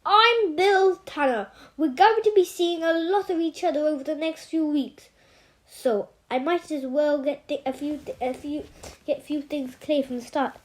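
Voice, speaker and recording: A woman's voice: sits high, moderate pace, lightly acted. Woman voicing a blunt scruffy male doctor. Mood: gruff. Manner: blunt, matter-of-fact, commanding.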